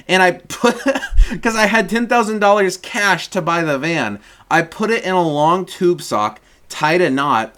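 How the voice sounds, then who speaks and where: A man's voice: sits high, a bit bright. A young man telling a rambling, profane story in a casual rant, chuckling as he goes. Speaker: streamer.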